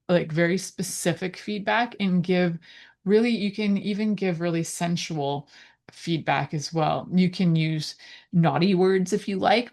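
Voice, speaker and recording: Low-voiced woman chatting playfully. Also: a little mellow. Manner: chatty, playful, rambling asides. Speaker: podcast host. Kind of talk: casual advice talk.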